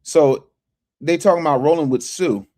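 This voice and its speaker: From his office, a man hosts a casual livestream, chatting with his audience in slang and reading out super chats. His voice is fairly high with a dark tone, and he speaks at a moderate pace.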